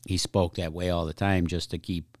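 A man's voice: deep voice, flat delivery, moderate pace, a little mellow, no echo, studio quality. A man with a Chicago accent, a firefighter guest telling anecdotes with frequent laughs in casual podcast chat. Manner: laughs often, tells anecdotes loosely.

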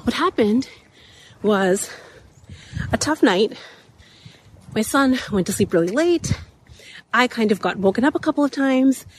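A woman in her thirties hosting a motivational talk while walking uphill outdoors, a bit out of breath, her voice slightly raspy, repeating key points and laughing often. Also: on the high side, animated, unhurried, long pauses, a little hiss or hum. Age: 30s. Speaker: podcast host.

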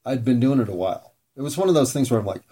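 A man talking through a candid, reflective monologue, rambling with pauses and frequent swearing, self-mocking. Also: mid-range voice, animated, mellow, breathy edge.

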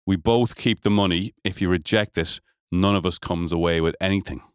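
A man's voice: sits low, fairly quick, clear, resonant tone, dry recording, studio quality. A man co-hosting a casual podcast, jokingly running a game with his friends. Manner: jokey, playfully running a game. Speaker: podcast co-host.

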